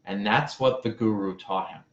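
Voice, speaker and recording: A man who is a relationship coach, telling a parable and giving advice in a deliberate way, with pauses and repeated phrases. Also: on the low side. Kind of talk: storytelling advice talk. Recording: roomy, slightly dull sound.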